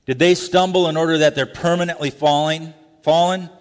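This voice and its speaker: Male pastor, lively sermon delivery, slightly higher voice, long hall reverb. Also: brisk, clean tone. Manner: animated, acts out voices and asides with laughs.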